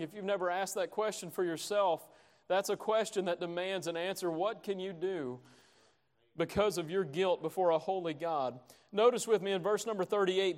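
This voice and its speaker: Man preaching hard, high voice, goes quiet then loud, big echoey church. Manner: impassioned, dramatic swings from soft to loud. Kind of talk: sermon.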